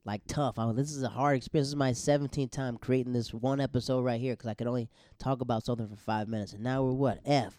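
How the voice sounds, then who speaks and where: A man hosting a solo podcast, talking in a rambling, self-correcting way with sudden bursts of excitement. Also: mid-range voice, quick pace, few pauses, no echo, clean studio sound. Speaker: podcast host.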